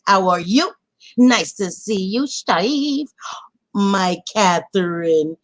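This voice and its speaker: A woman talks straight to her livestream viewers in a mid-range voice, lively and loose, calling them by pet names and dropping swears without pause. Her chat is casual and direct. She sounds like someone talking from home to people she knows well. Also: mid-range voice. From Latina. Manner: animated, swearing, affectionate nicknames. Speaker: livestream host.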